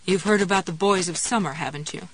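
A woman's voice: lowish voice, fast talker, natural voice, poor audio. A woman reading a blunt, sardonic inner voice that sounds tired and wan. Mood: sardonic, weary. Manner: wry, sardonic, weary.

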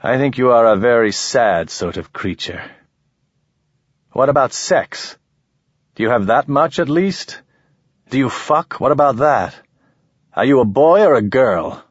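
A man's voice: medium pitch, lively intonation, unhurried, long pauses, slightly rough, no room sound, highs cut off, pitched above the performer's own voice. A man voicing a captive adult man who talks bluntly and teases in an audiobook. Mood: teasing. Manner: blunt, teasing. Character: captive adult man, wry, crude, joking. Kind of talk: audiobook character voice.

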